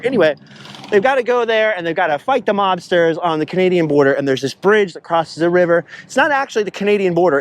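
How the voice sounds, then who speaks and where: Male travel vlogger, casual rambling storyteller, high and very lively voice. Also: slight background noise. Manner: rambling, animated storytelling, slips into impressions. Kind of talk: casual storytelling while driving.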